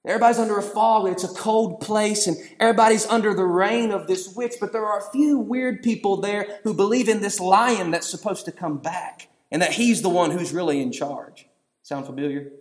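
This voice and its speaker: A man, preaching a storytelling sermon that swings between hushed passages and shouting. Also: high-pitched, brisk.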